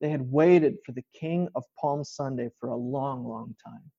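Guy preaching casually from his kitchen, warm tone, kinda dull recording. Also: medium pitch, moderate pace, creaky. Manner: conversational, explaining scripture step by step. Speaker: pastor. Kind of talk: informal online sermon.

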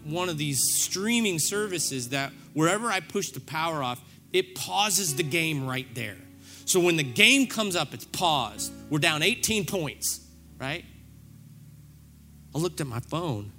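A man's voice: fairly high pitch, bright, forceful tone. A middle-aged man preaching a sermon, telling a story with self-deprecating humor and acting out his own reactions. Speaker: pastor.

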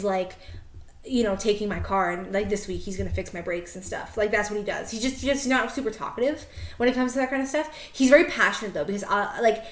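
A woman co-hosting a podcast, chatting casually and telling animated family stories. She laughs often and acts out her father's gruff, clipped replies. Her voice sits in the middle range and carries a roomy studio echo. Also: mid-range voice. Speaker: podcast co-host. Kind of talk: casual chat.

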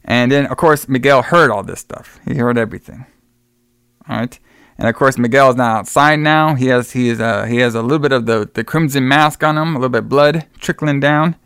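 A man's voice: medium pitch, a little fast, a bit bright, clean tone, no echo. Brief: male co-host retelling a film plot in loose, swearing chat, dry close mic. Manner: rambling, profane, acts out characters' lines. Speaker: podcast co-host. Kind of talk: casual movie recap.

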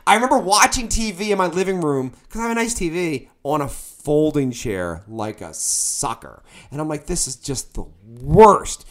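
A man in casual podcast chat, telling a rambling, profane story in an animated way. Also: a little high.

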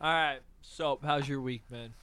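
A young adult man hosting a casual podcast chat, telling animated stories and swearing freely. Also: mid-range voice, measured pace, a little hiss or hum. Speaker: podcast host.

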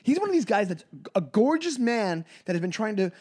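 A man's voice: high voice, sing-song, a little fast, darkish tone, slightly rough. A man co-hosting a podcast in casual chat, joking and retelling movie scenes. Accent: New York. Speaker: podcast co-host.

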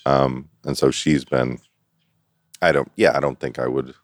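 A middle-aged man telling stories as an interview guest in casual chat, animated and laughing often. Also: very deep voice, a little slow, dry recording. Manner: animated storyteller who acts out quotes and laughs often.

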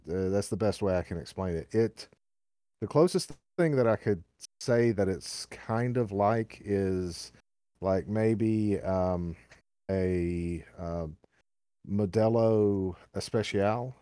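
A man's voice: low-pitched, takes it slowly, warm tone, dry recording, clean studio sound. A man with a Southern US accent co-hosting a casual podcast, rambling with lots of fillers and restarts. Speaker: podcast co-host.

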